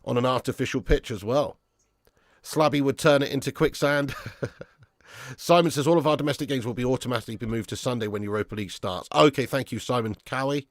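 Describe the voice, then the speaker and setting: Hosting a football fan channel's live stream, this young man works through viewer comments in loose, joking banter, laughing a lot and addressing people as lad and mate. He speaks at medium pitch, slightly fast, in a dry, studio-quality recording.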